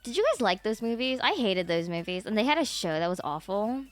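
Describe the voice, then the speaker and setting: A woman livestreamer chatting casually with her viewers, excitable and animated, swearing freely. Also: medium pitch, brisk, soft background music. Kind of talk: casual stream chat. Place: home streaming setup.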